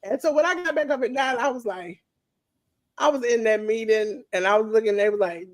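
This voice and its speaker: A woman's voice: fairly high pitch, brisk. A woman, a guest in a casual chat, telling stories animatedly and acting out the voices she quotes.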